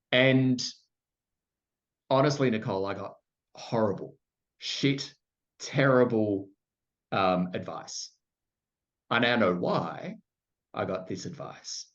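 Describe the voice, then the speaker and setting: A middle-aged Australian man candidly telling his story in conversation, full of "like" fillers and self-deprecating asides. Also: fairly low pitch. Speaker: podcast guest. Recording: muffled lo-fi sound.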